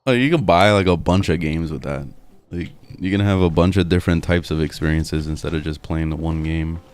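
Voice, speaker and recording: A man's voice: a bass voice, fairly quick, a little mellow. A young man chatting casually over gameplay at home, rambling and swearing freely. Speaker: gaming streamer. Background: faint game music.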